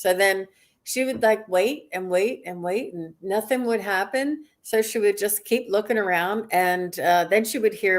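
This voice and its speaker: A woman's voice: mid-range voice, normal speed. A middle-aged woman, a guest psychic, tells a story casually with many fillers and restarts. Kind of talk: casual storytelling on a live stream.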